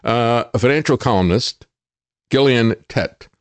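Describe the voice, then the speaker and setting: A middle-aged man hosts a political talk show, delivering an opinionated monologue with indignation and sarcasm. He speaks at medium pitch and an unhurried pace, with lots of fillers and restarts, and there's no echo.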